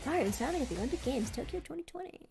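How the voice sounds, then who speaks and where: A woman streaming a live reaction to a game showcase, gushing and squealing, swinging from shouts to hushed whispers. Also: sits high, lively intonation, rapid-fire, vocal fry, music in the background. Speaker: gaming content creator. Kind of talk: excited live reaction commentary.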